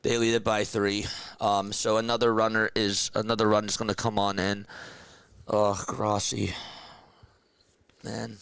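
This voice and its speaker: A young man calling baseball play-by-play on a live charity stream through a headset, loudly thanking donors and then speaking softly and emotionally. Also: on the low side, measured pace, creaky, long pauses, clean tone, no echo. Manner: excitable, shouts thanks to donors, turns emotional and quiet.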